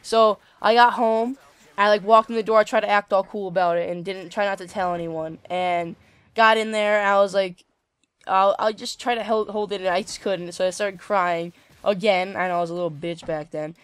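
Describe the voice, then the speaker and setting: A man's voice: high voice, fairly even intonation, normal speed, a bit bright, clear, resonant tone, no echo. A teenage boy casually telling a story over gameplay, rambling with lots of fillers and casual swearing. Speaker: gaming channel host.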